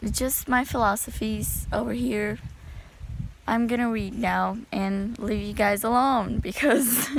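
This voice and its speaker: A young woman talks through a book vlog in a loose, rambling way, circling back with little asides. Her delivery is unhurried, and her voice has a gravelly fry at the ends of phrases. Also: medium pitch, a little hiss or hum. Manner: rambling, chatty, says "you know" a lot. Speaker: book vlogger. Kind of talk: casual chat.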